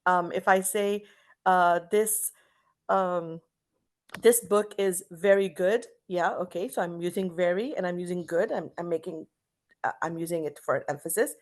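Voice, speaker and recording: A woman's voice: fairly low pitch, moderate pace. A middle-aged woman from Canada teaching an online English class over a video call, explaining with example sentences and frequent restarts.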